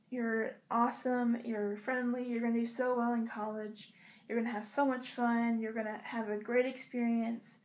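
Young woman vlogger with a somewhat high voice, talking to camera in a halting, earnest way from a hotel room. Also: darkish tone. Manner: halting and earnest, with many pauses and restarts. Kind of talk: casual heartfelt address to camera.

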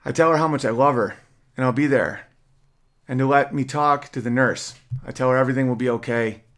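A man's voice: mid-range voice, a little fast, fairly bright tone. A man, a podcast host, earnestly reading an emotional personal story aloud.

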